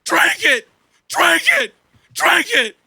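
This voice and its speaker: A man's voice: high voice, moderate pace, vocal fry, no room sound, voice pushed up, full character voice. A man performing a boastful, greedy billionaire tycoon in a satirical spoken word poem, pompous and ranting. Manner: pompous, ranting, building to shouts.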